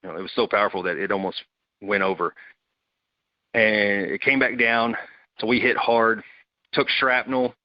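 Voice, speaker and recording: Vet guy, lowish voice, casual storytelling, does the voices, dry dull audio. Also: normal speed, pauses often, dry recording. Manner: animated, acts out quoted voices. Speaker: Marine veteran guest. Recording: dull, dry close recording.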